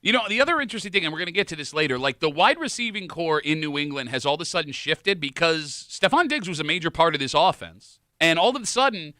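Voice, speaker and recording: Lively, bright-voiced male sports radio host. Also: a little high, fast talker, hardly any pauses, no room sound, clean studio sound. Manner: teasing, runs the segment.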